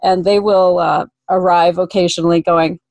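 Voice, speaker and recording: A woman's voice: on the low side, little pitch movement, moderate pace, a little mellow, dry recording. A woman hosting an interview, affirming her guest and asking curious questions. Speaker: host, coach. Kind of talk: conversational interview.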